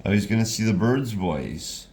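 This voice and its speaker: A man voicing a gentle, curious young woman traveler in a storybook reading, talking in a soft, hesitant, kindly way. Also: on the low side, animated, normal speed, a little hiss or hum, pitched above the performer's own voice. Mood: polite, curious.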